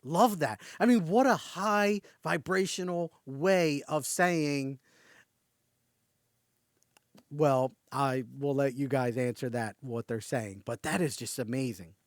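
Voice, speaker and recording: Slow, awestruck man hosting a podcast. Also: mid-range voice, no room sound, studio quality. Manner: excitable, awed, breaks off to marvel and restart; reads quoted passages slowly and deliberately. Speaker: podcast host. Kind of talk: reading aloud and commenting on a channeled message.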